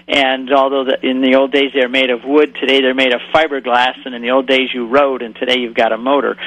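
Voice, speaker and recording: A man, a guest on a faith talk show, telling a lively travel story and acting out the voices of the people he quotes. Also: mid-range voice, dry recording, low-quality recording.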